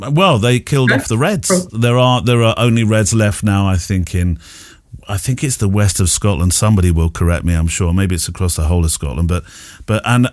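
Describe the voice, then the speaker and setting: A man's voice: on the low side, no echo, studio quality. A man, hosting a podcast interview in casual chat, thoughtful and prone to stammering restarts. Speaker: podcast host.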